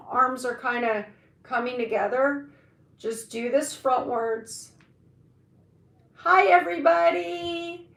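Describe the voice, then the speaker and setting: A woman's voice: fairly high pitch, a bit bright. A woman hosting a live stream, demonstrating stretches in a loose, joking, slangy way. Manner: chatty, joking, slangy, drawn-out. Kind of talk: casual live-stream exercise demo. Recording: echoey room.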